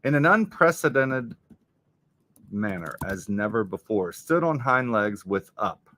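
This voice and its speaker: A man's voice: on the low side, sing-song, a little slow, fairly bright tone, a little hiss or hum. A man hosting a live stream, reading crossword clues aloud and muttering his guesses as he solves. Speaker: livestream host solving a crossword. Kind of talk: casual live-stream puzzle solving.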